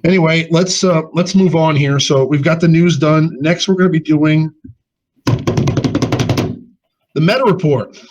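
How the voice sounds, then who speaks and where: A man hosting a casual live gaming show, often halting and restarting his words. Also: a little high, darkish tone, dull audio.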